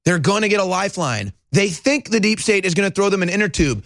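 A man hosting a talk radio show, ranting heatedly and swinging between loud outbursts and calmer stretches. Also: on the high side, quick pace, few pauses, no echo, clean studio sound. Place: broadcast studio.

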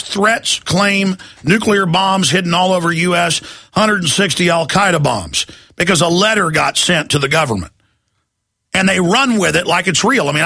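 Gravelly North Texas talk radio host. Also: male voice, fairly high pitch, pushed and bright, no echo. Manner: emphatic, scornful, repeats words.

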